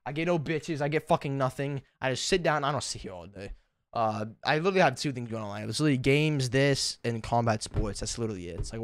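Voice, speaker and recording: A man's voice: mid-range voice, fairly bright tone. A tired young man chatting casually in an unedited vlog, rambling, self-deprecating and cussing a lot, recorded at home on a desk mic. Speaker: YouTuber.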